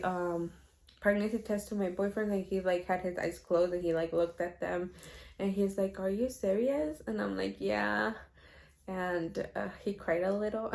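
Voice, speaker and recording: A woman's voice: lowish voice, creaky, a little mellow. A young woman vlogger telling a personal story in a casual, chatty way, laughing often and slipping in Spanish phrases.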